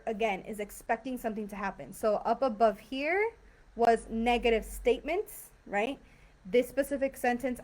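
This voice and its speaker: A woman leads a live online English lesson over a video call, her voice sitting a little high. She explains patiently, often pausing on fillers and checking in with a quick "right?". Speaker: English teacher. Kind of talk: live online grammar class.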